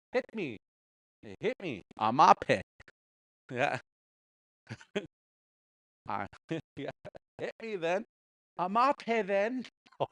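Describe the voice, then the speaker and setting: Slow, patient man teaching a language class. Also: a little high, a bit bright, dry recording. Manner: patient, repeats words slowly, chuckles often. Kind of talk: casual language class instruction.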